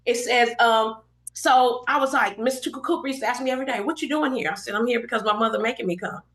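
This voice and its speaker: A middle-aged woman from LA talks quickly in a fairly high voice as she tells a story on a podcast. Acting out every character's words with animation, she's heard in a casual interview setting with a roomy, echoey sound.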